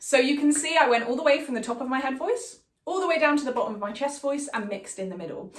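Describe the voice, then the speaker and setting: A woman's voice: high voice, expressive, fast, roomy sound. Encouraging young woman coaching singing. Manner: encouraging, reassuring instructions. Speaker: vocal coach. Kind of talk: singing lesson tutorial.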